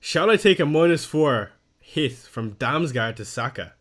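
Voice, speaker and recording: This young fantasy football streamer speaks in a slightly high, somewhat bright voice that is animated yet unhurried. He chats casually, reads viewer comments aloud, and makes fun of his own slip-ups.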